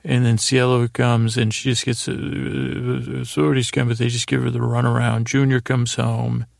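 A man's voice: mid-range voice, little pitch movement, moderate pace, gravelly, no room sound, clean studio sound. A man hosting a podcast, meandering through a sleepy retelling of a TV episode, often correcting himself. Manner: meandering, self-correcting, paraphrases characters loosely. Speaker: podcast host. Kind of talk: rambling sleepy recap of a TV episode.

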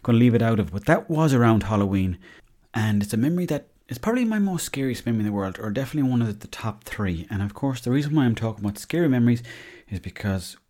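A man's voice: medium pitch, lively intonation, fast, mellow. An Irish man hosting a podcast, telling comic stories in a chatty way and swearing freely. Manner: chatty, swears freely, tall-tale humour. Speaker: podcast host. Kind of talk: casual comic storytelling.

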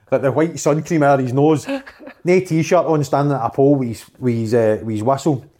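A Scottish former footballer telling dressing-room stories in a casual chat, acting out other people's lines and swearing freely. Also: male voice, medium pitch, moderate pace. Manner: animated storyteller, swears a lot, acts out quotes.

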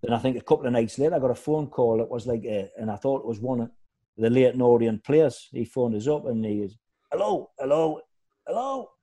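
Mellow-voiced man. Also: medium pitch, fast talker. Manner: animated anecdotes, acts out shouting voices. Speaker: former footballer guest. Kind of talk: casual chat, storytelling.

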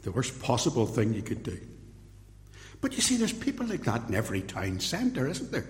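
A Northern Irish man in his sixties preaching through a Bible passage and telling stories along the way. His voice sits at an ordinary middle pitch and carries a long reverb, as if it were picked up in a large hall. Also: huge pitch swings, moderate pace. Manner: anecdotal storytelling. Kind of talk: expository sermon.

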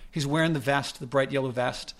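A man's voice: medium pitch, steady tone, fairly quick, a bit bright. A man casually telling a rambling personal story, often correcting himself mid-sentence. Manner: rambling, self-correcting, conversational.

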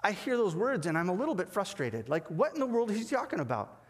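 A man preaching a sermon as pastor, animated and acting out the voices he quotes. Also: high voice, quick pace, in a large hall. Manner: animated, acts out quoted dialogue.

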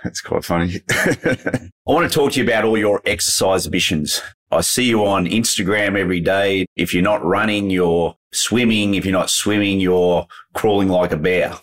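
Low-voiced Australian man interviewing. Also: moderate pace, a bit bright. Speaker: podcast host, interviewer. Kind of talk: conversational interview.

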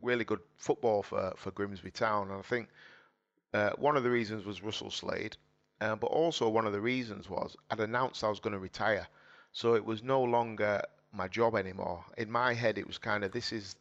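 Guest: man, lowish voice, heartfelt and candid storytelling, muffled lo-fi sound. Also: steady tone, moderate pace, a bit bright. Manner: earnest, emotional, repeats phrases and quotes his dad. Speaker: guest, former footballer turned boxer. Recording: dull lo-fi audio.

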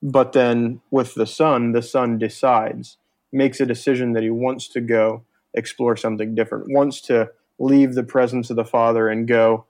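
A man with a Northern US accent explains ideas thoughtfully, pausing on fillers. His delivery is flat and even, mid-pitched. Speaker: guest. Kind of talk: casual chat.

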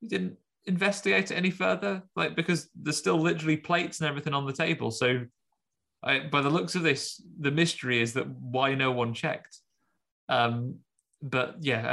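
Brief: male co-host, bright and forceful, sardonic film recap. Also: a little high, fairly quick, creaky. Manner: sardonic, acts out scenes in mocking voices. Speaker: podcast co-host. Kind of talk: casual film chat.

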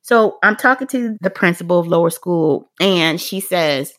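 Speaking at a moderate pace with hardly any pauses, a middle-aged woman who is a parent shares a personal story on a casual podcast. Her mid-range voice stays animated as she performs other people's lines, talks right to the audience, and uses filler words.

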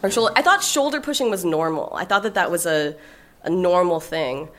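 A woman in her forties speaks as a podcast guest in a candid, conversational way. She is frank and swears freely, laughing as she tells her story. Her voice sits a little low for a woman. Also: lively intonation, moderate pace, fairly bright tone.

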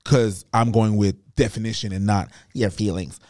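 A man co-hosting a podcast in casual chat, blunt and repetitive, getting animated as he tells stories. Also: fairly low pitch, normal speed, no echo, studio quality. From Montreal, Canada. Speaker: podcast co-host.

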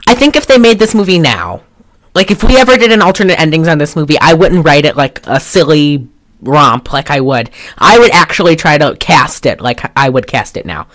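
On a casual film podcast, this female co-host talks fairly quickly in an animated, low-pitched, fairly bright voice. She rambles, swears freely and keeps restarting her sentences.

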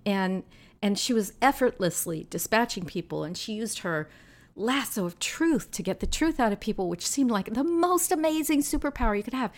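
A woman in her sixties, a filmmaker and activist talking as a guest in a casual interview, telling lively anecdotes. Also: fairly high pitch, normal speed. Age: 60s. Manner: lively storyteller, animated anecdotes.

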